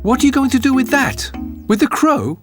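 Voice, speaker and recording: A man's voice: very high-pitched, big pitch swings, normal speed, over music, pitched above the performer's own voice. A man voicing proud young brothers who sneer with scorn. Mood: scornful. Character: two mocking young men, proud and scornful.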